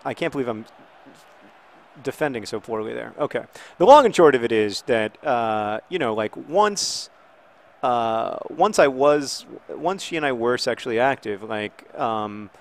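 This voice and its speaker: Host, thirties man, mid-pitched, halting and rambling, with sudden excited yelps at the game. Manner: rambling, halting, many fillers and restarts; bursts into excited outcries at the game. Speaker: video host playing a football game. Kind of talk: casual talk over gameplay.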